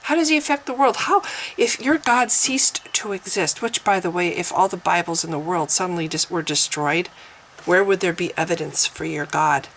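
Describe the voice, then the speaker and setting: A woman's voice: lowish voice, normal speed, fairly bright tone, a little hiss or hum, poor audio. A woman talking straight to camera in an opinion vlog, sarcastic and argumentative, often repeating herself as she presses her point. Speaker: vlogger.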